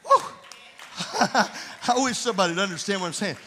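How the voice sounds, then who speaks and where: Fervent high-voiced preacher, echoey hall. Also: male voice, quick pace. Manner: fervent preaching, rising to shouts. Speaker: pastor. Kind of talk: sermon. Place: church sanctuary.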